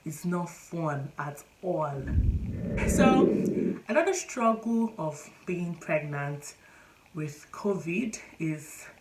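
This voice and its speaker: A woman's voice: deep voice, expressive, slow, noisy background. A pregnant woman vlogging in a casual chat to camera, often breaking into laughter and exclaiming as she talks. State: pregnant, short of breath.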